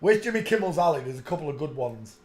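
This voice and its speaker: Speaking fast in a fairly high, somewhat dark voice that swings widely in pitch, this man ridicules photos on his live stream. He regularly breaks into giggling laughter throughout his comedic commentary.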